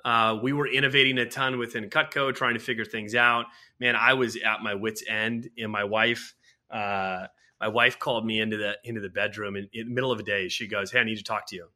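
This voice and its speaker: A man, a guest author and culture consultant, telling anecdotes in an animated, casual interview. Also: fairly low pitch, a little fast.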